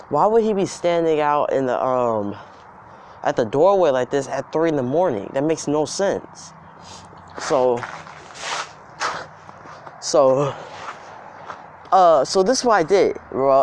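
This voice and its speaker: A young male vlogger tells a personal story outdoors in the cold, casual, rambling and emphatic, for a storytime vlog. His voice is a little high, with a bit of hiss or hum in the recording.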